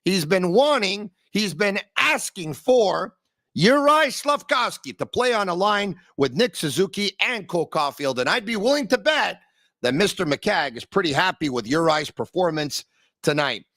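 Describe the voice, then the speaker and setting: A man hosting a hockey podcast, talking with excitable energy and sudden swings in pitch. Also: normal speed, no room sound, clean studio sound. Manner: excitable, sings and shouts bits, big pitch swings. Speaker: podcast host. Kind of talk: energetic sports talk.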